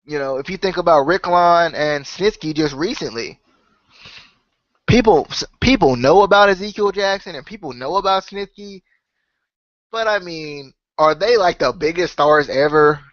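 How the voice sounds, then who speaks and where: A man's voice: fairly high pitch, normal speed, a bit bright, no room sound, muffled recording. Sick-voiced man musing on wrestling. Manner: rambling, full of "right?" and "you know". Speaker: wrestling podcast host. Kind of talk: casual solo opinion talk.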